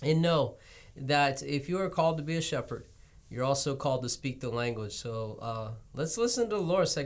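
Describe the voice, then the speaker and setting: A male pastor hosting a relaxed church conversation show. He talks earnestly and encouragingly, now and then laughing at himself. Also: medium pitch, moderate pace. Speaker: pastor and host.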